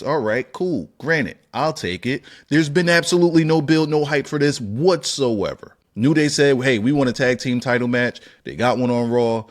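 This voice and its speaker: A man hosting a wrestling opinion channel, ranting in an animated, profane way, firing off rhetorical questions and sudden high-pitched exclamations. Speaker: wrestling commentary channel host. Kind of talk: opinionated solo rant.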